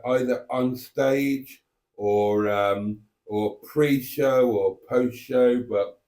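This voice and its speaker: A man's voice: medium pitch, a little mellow. A British man hosting a live stream, chatting in a casual, reflective and self-mocking way. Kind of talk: casual rambling live chat.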